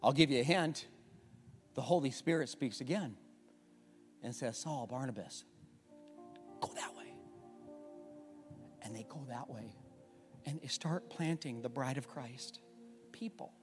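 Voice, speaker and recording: A male pastor preaching a sermon, swinging from hushed asides to loud, repeated calls. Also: mid-range voice, measured pace, pauses often, over music. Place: church sanctuary. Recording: long reverb of a church hall.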